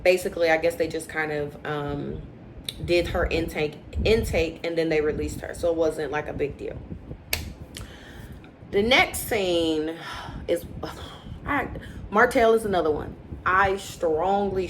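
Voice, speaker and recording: A woman recapping a reality show in casual, opinionated chat, acting out quotes with animated inflection. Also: on the low side, a little hiss or hum, poor audio.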